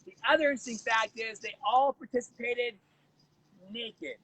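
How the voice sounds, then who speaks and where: A man hosting a casual morning chat with a guest, upbeat, with sudden leaps in pitch. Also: steady tone, normal speed, a bit bright, no room sound, low-quality recording. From United States. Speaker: host.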